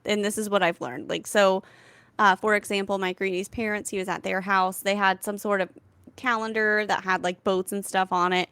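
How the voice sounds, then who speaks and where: A woman in her thirties co-hosting a podcast, telling stories with lots of fillers and animated asides. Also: mid-range voice, normal speed, clear, resonant tone, dry recording. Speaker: podcast co-host. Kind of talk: casual comedic chat.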